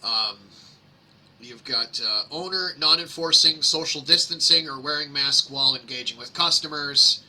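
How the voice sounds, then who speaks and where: Man, husky and rather high-pitched, very bright edge, sarcastic, rambling with lots of ums, casual screen-share commentary. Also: normal speed. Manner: sarcastic, mocking, rambling with many fillers. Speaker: host reading public complaints.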